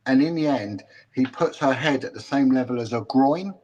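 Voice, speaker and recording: Halting, hesitant man. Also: mid-range voice, dull audio, background noise. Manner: halting, with many restarts and repeated words. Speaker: former policeman, guest. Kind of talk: casual interview talk.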